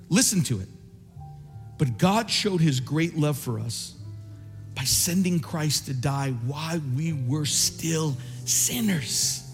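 A man preaching a sermon in a large church, rising to impassioned shouts and dropping to soft pleading as he calls people forward. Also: fairly high pitch, lively intonation, slow, long reverb tail, soft background music. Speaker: pastor. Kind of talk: sermon with altar call.

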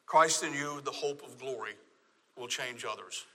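A man's voice: mid-range voice, moderate pace, sharp tone, long reverb tail, slight background noise. A man from Texas with a Texan accent, preaching a sermon with emphatic, repeated phrases. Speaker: pastor.

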